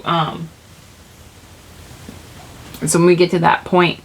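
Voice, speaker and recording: Gravelly-voiced woman giving a tarot reading. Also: on the low side, slight background noise, poor audio. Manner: rambling, searching for words, full of "like" and "you know". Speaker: tarot reader. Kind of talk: casual spiritual reading.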